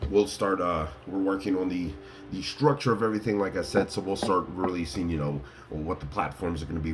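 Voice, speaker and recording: A man's voice: low-pitched, slight background noise. A man casually telling his viewers a rambling story, laughing and full of fillers. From Colorado. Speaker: vlogger.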